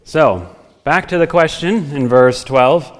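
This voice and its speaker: A man's voice: fairly high pitch, slow. Conversational male preacher in a reverberant hall. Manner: conversational, thinks aloud with homely examples. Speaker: pastor. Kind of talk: expository sermon.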